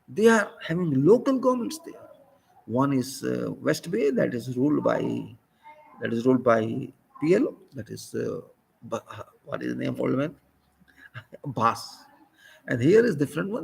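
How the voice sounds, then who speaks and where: A man's voice: vocal fry, slight background noise, poor audio. A man with an Indian English accent giving a solo political talk, speaking emphatically and repeating his points. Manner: emphatic, repeats phrases, pitch jumps when stressing points. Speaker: commentator.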